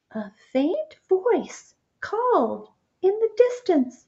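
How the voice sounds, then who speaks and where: A woman reading a picture book aloud, gentle and expressive, stopping to point out the pictures. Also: fairly high pitch, takes it slowly, highs cut off. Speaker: storybook reader.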